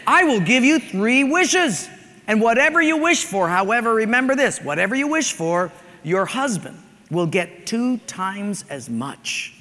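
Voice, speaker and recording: Wry scolding genie, a bit high and bright, read by a preacher, echoing hall. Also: male voice, sing-song, unhurried, heavily acted. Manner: mildly reproachful. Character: wry male genie granting wishes. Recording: church hall with long reverb.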